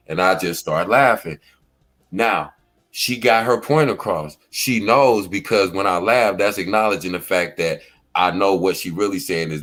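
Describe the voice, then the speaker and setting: Middle-aged guy w/ aave, chill commentary chat, kinda low voice, acts out what people said. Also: unhurried, fairly bright tone. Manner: laid-back storytelling, acts out quoted lines. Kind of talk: casual commentary talk.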